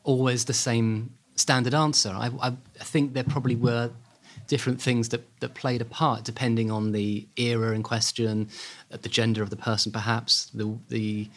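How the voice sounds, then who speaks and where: A man's voice: mid-range voice, moderate pace. Man telling history animatedly. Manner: animated storytelling, hesitant fillers. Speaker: author and historian guest. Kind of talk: podcast interview.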